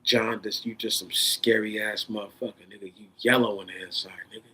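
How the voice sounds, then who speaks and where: A man in an unscripted, profane rant, swinging between loud bursts and a held-down, controlled tone. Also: fairly low pitch, steady tone, fairly quick, breathy edge. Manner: says he is holding his voice down in a controlled tone. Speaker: vlogger.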